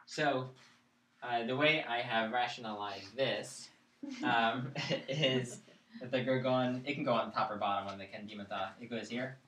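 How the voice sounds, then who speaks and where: A man's voice: mid-range voice, steady tone, measured pace, fairly bright tone, a little hiss or hum. A man teaching a chant class, explaining patiently and checking in with his students. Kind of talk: live classroom lesson. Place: classroom, live-streamed. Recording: echoey room, mic far off.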